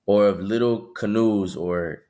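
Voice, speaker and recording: A man reading passages aloud during a Bible study, slowly, stumbling over some words. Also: fairly low pitch, steady tone, dark tone.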